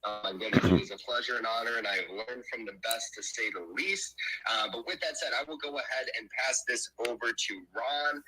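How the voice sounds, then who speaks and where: A man with a husky voice moderating a live online room, polite and procedural. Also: medium pitch, sharp tone, poor audio.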